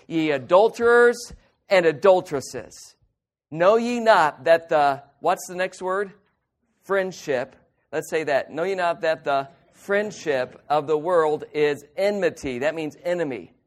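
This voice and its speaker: A young man preaching a sermon to a youth group, emphatic and acting out little quoted voices. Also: a little high. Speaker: youth pastor.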